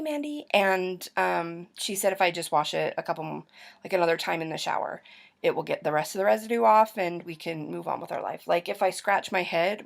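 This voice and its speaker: A woman's voice: on the low side, gravelly. A young woman from Utah telling a personal story to her camera in a chatty, rambling way, full of fillers and restarts. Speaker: vlogger.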